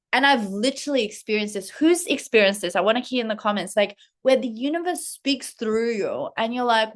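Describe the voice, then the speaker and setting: Candid, chatty woman swearing freely. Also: fairly high pitch. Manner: animated, slips into acted quotes of herself and others. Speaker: spiritual coach and channel host. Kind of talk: casual unscripted monologue to camera.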